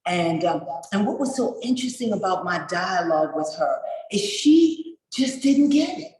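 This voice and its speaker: A woman in her forties, a summit speaker, telling a story with animated passion. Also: lowish voice, normal speed. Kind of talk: storytelling remarks at a virtual summit. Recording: echoey room.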